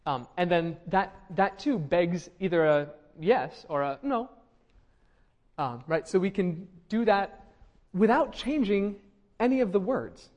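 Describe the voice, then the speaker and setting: A man's voice: high-pitched, very animated, unhurried, a little mellow, highs cut off. A man teaching a linguistics class, explaining step by step and often checking in with his students. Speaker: linguistics lecturer. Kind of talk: classroom lecture.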